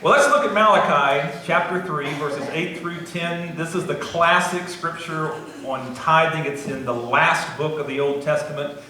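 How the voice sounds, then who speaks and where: A man's voice: fairly high pitch, a little slow, hardly any pauses, crowd noise. A man preaching a sermon as pastor, conversational and joking with the congregation, in a church sanctuary. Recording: echoey church hall, faint noise.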